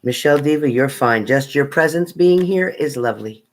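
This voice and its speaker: A woman's voice: very deep voice, lively intonation, moderate pace, low-quality recording. A woman tarot reader chatting casually on a live stream, reading out viewers' names and sometimes stumbling over them.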